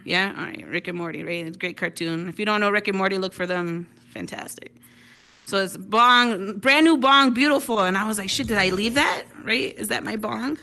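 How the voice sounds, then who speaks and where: Woman stand-up comic from Detroit, bright tone, chatty with constant "right?" tags, on a VR headset mic. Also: mid-range voice, a little fast. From Detroit, United States. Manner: chatty, tags lines with "right?", laughs at own jokes. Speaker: stand-up comedian. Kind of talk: stand-up comedy routine. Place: virtual reality social venue.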